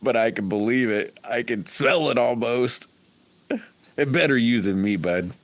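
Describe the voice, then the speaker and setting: A man's voice: medium pitch, a little slow. A middle-aged man hosting a casual livestream, rambling folksily and chuckling while he answers viewers by name. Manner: chatty, rambling, chuckles often. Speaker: livestream host. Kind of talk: casual livestream chat reading viewer comments.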